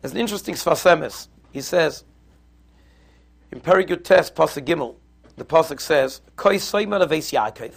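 A man with a somewhat high, gravelly voice teaches a Torah lesson. He talks in a relaxed, conversational way and walks through stories and texts step by step. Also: moderate pace. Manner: conversational storytelling, explains step by step.

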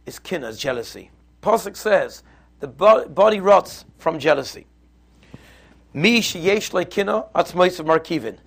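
Gravelly man teaching a Torah lesson. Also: a little high. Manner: conversational storytelling, explains step by step.

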